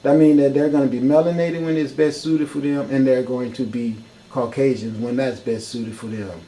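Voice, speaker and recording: Fiery, preachy man with a mellow voice. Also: medium pitch, fairly even intonation, normal speed, low-quality recording. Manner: fiery, profane, preachy, rhetorical questions. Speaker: speaker in a discussion. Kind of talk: impassioned talk.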